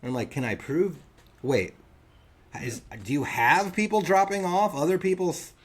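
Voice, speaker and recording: A man's voice: a little high, normal speed, husky. A man co-hosting a podcast, telling a funny story in casual chat and acting out the other people's lines. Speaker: podcast co-host.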